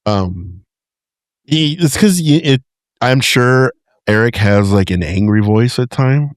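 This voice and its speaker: A man's voice: mid-range voice, lively intonation, slow pace, dry recording, studio quality. A man co-hosting a podcast in casual, rambling chat, often restarting and joking. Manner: rambling, self-correcting, jokey. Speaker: podcast co-host.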